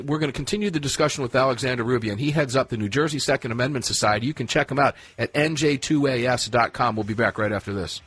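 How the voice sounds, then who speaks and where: A man's voice: mid-range voice, fairly bright tone, slightly rough. A man hosting a talk radio show, interviewing a guest with sarcastic, emphatic remarks.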